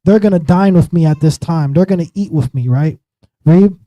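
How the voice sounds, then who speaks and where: A man teaching a Bible study in a casual, animated way, acting out the biblical figures in everyday slang. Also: a little high, moderate pace, no room sound, poor audio. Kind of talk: sermon-style Bible teaching.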